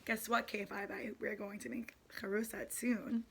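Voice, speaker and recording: A woman teacher reading a picture book aloud to a kindergarten class, slow and expressive, adding little asides to the children. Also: a little high, gravelly, noisy background.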